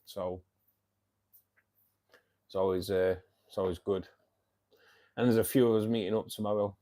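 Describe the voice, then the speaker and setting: Mancunian bloke in his 50s, lowish voice, chatty livestream host, says mate loads. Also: fairly even intonation, normal speed, mellow. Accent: Mancunian English. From England, Manchester. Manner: chatty and matey, keeps saying "mate". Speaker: livestream host of a fishkeeping club. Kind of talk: casual livestream chat answering viewers.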